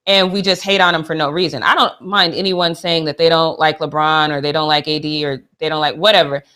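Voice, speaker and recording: A young adult woman co-hosting a sports chat show, animated and playful. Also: low-pitched, a little fast. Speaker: co-host.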